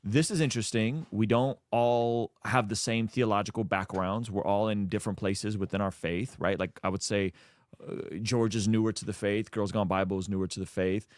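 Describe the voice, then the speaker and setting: A man's voice: fairly low pitch, steady tone, normal speed, no room sound. A man speaking as a guest in a casual chat, earnest and reflective, choosing his words with care.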